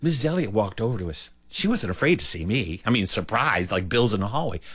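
A man telling a childhood story aloud, animated and acting out the characters' lines. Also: brisk, husky. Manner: animated, acts out characters with big pitch leaps. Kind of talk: told story performed for listeners.

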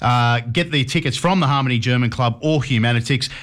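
A man's voice: medium pitch, a bit bright. Radio host guy, friendly, lots of uhs, asking about tickets. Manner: friendly, halting with many uhs. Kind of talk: radio interview.

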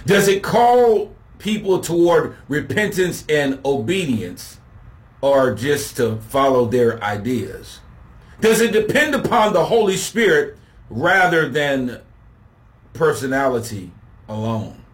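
A man preaching a sermon, slow and emphatic, building to shouted refrains as he contrasts points. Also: fairly high pitch, very animated.

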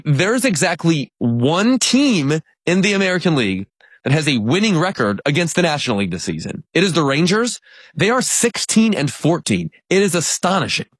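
Lively, husky sports analyst man. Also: fairly high pitch, moderate pace, no echo. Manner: laughs through stats, animated. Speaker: baseball analyst. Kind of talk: conversational sports talk.

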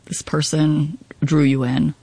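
A podcast host narrating a documentary story and asking measured, probing questions of a guest. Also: mid-range voice, flat delivery, mellow, breathy edge, no room sound.

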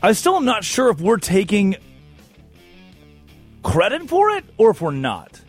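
A man hosting a casual sports talk show, telling stories in an animated, joking way. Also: sits high, measured pace, slightly rough, soft background music. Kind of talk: casual comedic chat.

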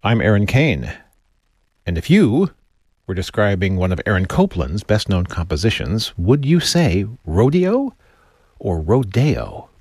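A man's voice: fairly low pitch, sing-song, moderate pace, darkish tone, no echo, studio quality. A man hosting a radio program, talking in a wry, playful way. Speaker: radio host.

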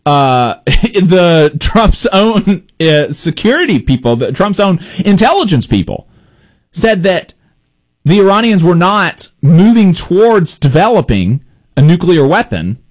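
A man hosting a political commentary show, talking in a halting way with many fillers and restarts and wry laughs. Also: sits high, very animated.

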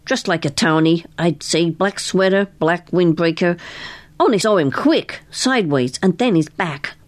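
A woman voicing a toothless older carnival mechanic who talks in rough, plainspoken country grammar. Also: on the low side, unhurried, lightly acted. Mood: folksy.

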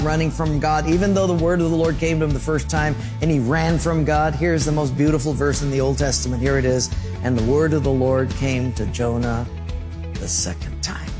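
A man pastor preaching a sermon, telling vivid stories and asking the congregation questions. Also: a little high. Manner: animated storytelling preacher, asks the audience questions.

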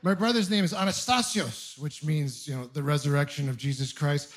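Man, stand-up comedy, high voice, self-deprecating punchy storytelling. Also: brisk. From Ontario, Canada.

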